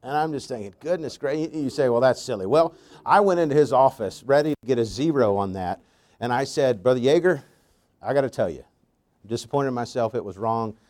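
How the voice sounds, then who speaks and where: A pastor preaching a sermon with slow, emphatic stresses and storytelling asides, a man. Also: medium pitch, animated, a little mellow.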